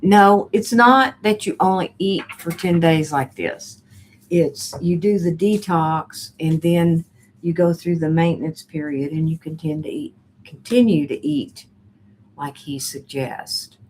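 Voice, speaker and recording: Middle-aged woman, live-stream host: low voice, slow and rambling, lots of fillers, chats back to her viewers. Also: a little hiss or hum. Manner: rambling and chatty, with many fillers and restarts. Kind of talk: casual live-stream chat, reading viewer comments.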